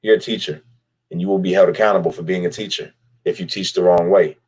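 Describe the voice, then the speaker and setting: A fast-talking vlogger with a low-pitched, darkish, husky voice and fairly even intonation speaks to camera. His commentary is blunt and profane, directed right at the person he criticizes, with repeated lines for emphasis.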